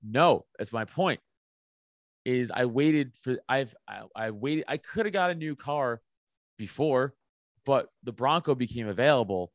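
A man's voice: medium pitch, lively intonation, a little slow, no room sound. A man, a stand-up comedian, chatting as a podcast guest, blunt and opinionated, often restarting his sentences. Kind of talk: casual podcast chat.

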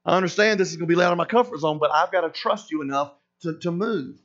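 A man preaching a sermon as pastor, animated and acting out voices of the people in his story. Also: fairly high pitch, quick pace. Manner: animated, acts out voices of Moses and God. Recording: dull lo-fi sound.

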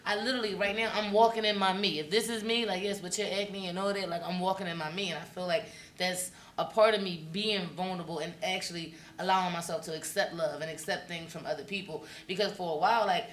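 A woman in her late twenties co-hosting a casual chat, talking with animated passion and plenty of swearing. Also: on the low side, quick pace, few pauses. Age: late 20s. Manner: animated, passionate, profane, acts out quotes. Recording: echoey room, mic at a distance, faint noise.

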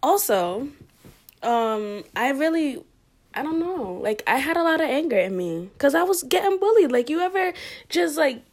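A young woman telling a story in a casual, animated way, with lots of fillers and frequent laughter, sometimes dropping almost to a whisper. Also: sits high, moderate pace.

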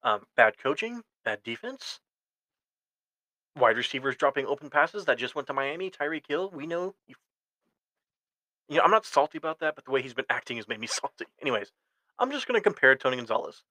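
A man's voice: mid-range voice, big pitch swings, a little fast, sharp tone, no room sound, poor audio. A man hosting a solo sports podcast, rambling and correcting himself as he gives opinionated fan takes. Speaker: podcast host.

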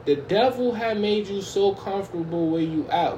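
A man's voice: sits high, normal speed, hardly any pauses, mellow, reverberant, slight background noise. A man preaching an informal online sermon, fervent and direct, often repeating and restarting his words.

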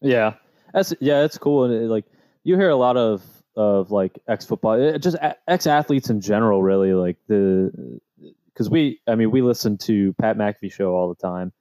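A man's voice: fairly low pitch, expressive, moderate pace, dark tone, dry recording. A man from the American Midwest, a podcast host chatting casually with easygoing, joking banter. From Midwest United States. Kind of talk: casual chat.

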